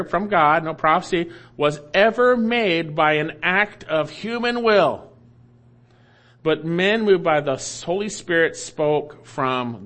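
Male pastor, slightly high voice, emphatic sermon delivery that repeats key lines. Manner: emphatic preaching, repeats key phrases, swings loud and soft.

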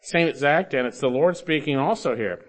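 A man preaching an expository sermon, emphatic, coaxing listeners along with rhetorical questions and swinging between loud stresses and low asides. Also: expressive, normal speed. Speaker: preacher teaching Bible grammar.

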